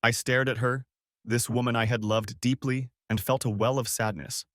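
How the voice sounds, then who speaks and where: A man narrating a first-person audio story in a measured, calm manner. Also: medium pitch, no echo, clean studio sound.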